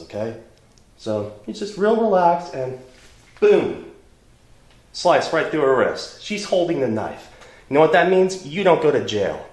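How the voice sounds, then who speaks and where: A man's voice: mid-range voice, echoey room. A man teaching self-defense against knives in a casual demonstration lesson, blunt and chatty, often checking in with "okay?".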